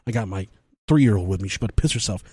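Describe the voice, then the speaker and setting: Racing along in a lowish, slightly rough voice, this man co-hosts a casual podcast, captured in a dry, studio-quality recording. He swears a lot while telling stories and acts out people's words with animated energy.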